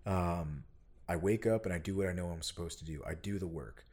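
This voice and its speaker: Deep-voiced man telling a story earnestly. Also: a little fast. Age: adult parent. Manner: earnest, animated storytelling, bursts loud when quoting. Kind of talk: casual chat.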